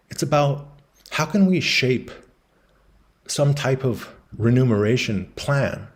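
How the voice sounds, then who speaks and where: A man explaining business concepts in a relaxed lecture, talking through slides and acting out quoted voices in his anecdotes. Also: mid-range voice. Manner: casual storytelling, acts out quoted voices.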